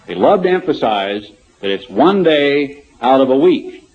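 Husky-voiced preacher guy reading out commentary n cracking wry asides, dull old tape sound. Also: medium pitch, very animated, a little slow. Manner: reads quotes aloud then comments wryly. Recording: dull lo-fi recording.

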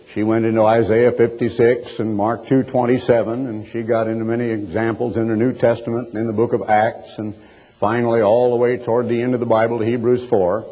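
A man preaching a sermon, telling a story in a measured way and reading aloud from a book, slowing down on key words. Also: mid-range voice, mellow. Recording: reverberant hall.

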